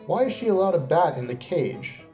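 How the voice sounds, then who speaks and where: A man giving comedic scripted narration as a game reviewer, sarcastic and deadpan. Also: on the high side, moderate pace, faint music behind. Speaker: video creator reviewing game companions.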